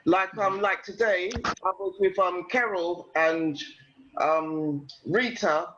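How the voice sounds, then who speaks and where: A man's voice: high voice, steady tone, takes it slowly, dull audio, background noise. A man, a team leader, talking in a loose, rambling way full of fillers on a video call. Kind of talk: casual chat on a video call.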